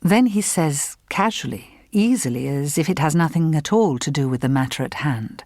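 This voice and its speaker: A woman narrating a literary novel in an audiobook, with measured, even storytelling. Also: deep voice, no room sound, studio quality.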